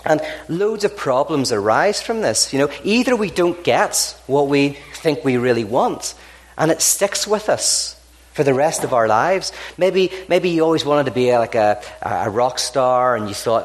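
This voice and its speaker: A man's voice: a little high, moderate pace. A man from Ireland, giving a storytelling talk to an audience and acting out the characters in his jokes. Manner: animated, acts out characters in jokes.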